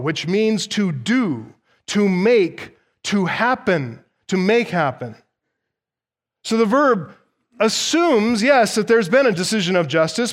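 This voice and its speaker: Male pastor, high voice, emphatic sermon delivery with repeated key lines, long church-hall reverb. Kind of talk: expository sermon.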